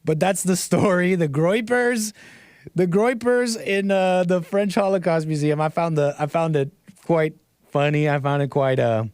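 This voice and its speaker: A man's voice: fairly high pitch, unhurried, darkish tone, smooth, no echo, studio quality. A man giving casual livestream commentary, rambling and restarting phrases, tagging his points with "right?" and chuckling between remarks. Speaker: livestream host.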